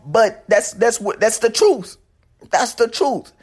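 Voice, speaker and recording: A man's voice: very high voice, slow pace, husky. Young guy on a solo podcast, swears a lot, voice swings all over the place. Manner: profane, rambling, animated. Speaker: podcast host.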